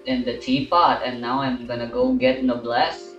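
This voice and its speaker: A man casually talking through a gameplay recording and chatting with a friend, relaxed and mumbling to himself. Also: medium pitch, normal speed, dull audio, music in the background. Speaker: gamer recording a playthrough. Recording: roomy, distant from the mic.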